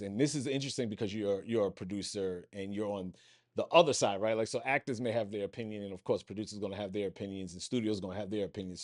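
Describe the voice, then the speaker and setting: A man's voice: fairly low pitch, a little mellow. A man with a New York accent, co-hosting a casual podcast chat and often checking in with "right?". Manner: conversational, rambling with many "right?" checks. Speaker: podcast co-host.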